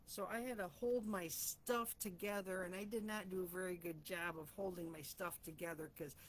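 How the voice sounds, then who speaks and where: A woman with a fairly low, fairly even voice speaks at a normal speed, with slight background noise. Hosting a reflection channel, she gives a personal talk that is heartfelt, rambling, and self-searching.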